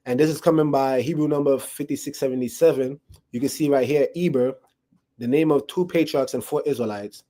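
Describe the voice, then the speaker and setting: Talking fairly quickly in a mellow, medium-pitched voice, a man leads a casual Bible lesson for a small group in a room. It's a conversational sermon where he often checks in, repeatedly asking "right?".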